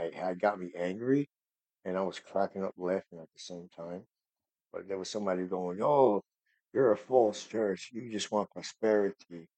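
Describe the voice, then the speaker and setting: A man hosts a casual faith podcast in a dark, mellow voice. He rambles earnestly and gets heated when he talks about preachers. The sound is dry and close, with no room echo. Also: deep voice. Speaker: podcast host.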